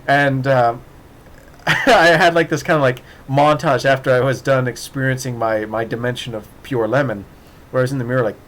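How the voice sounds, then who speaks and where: A man's voice: mid-range voice, steady tone, moderate pace, a bit bright, a little hiss or hum. A man telling a casual, rambling story with many restarts and laughs, acting out voices in the quoted dialogue. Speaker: podcast host.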